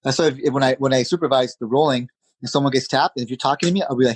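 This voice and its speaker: A man of middle pitch speaks as a podcast guest, easy and energetic, throwing in "you know" and "man" as he goes. The sound is close and dry, with almost no room around the voice. He talks like a coach passing on lessons to his students. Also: very fast, breathy edge, dry recording, poor audio. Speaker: jiu-jitsu instructor, podcast guest. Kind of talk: casual interview chat.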